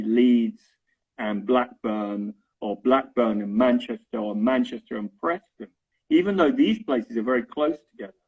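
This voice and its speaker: A middle-aged man from London with an Estuary English accent and a husky, mid-pitched voice. He explains things in an easy, chatty way and keeps checking in with his listener. The sound is dull and lo-fi. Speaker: English teacher, interview guest. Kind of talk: casual explanatory chat.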